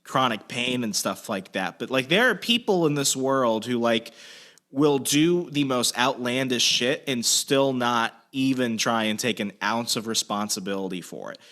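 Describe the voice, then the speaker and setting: Bright young guy telling a story, swears a lot, acts out the yelling. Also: mid-range voice, normal speed. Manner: animated storyteller, swearing, acts out shouted quotes. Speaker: podcast co-host telling a story. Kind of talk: casual storytelling chat.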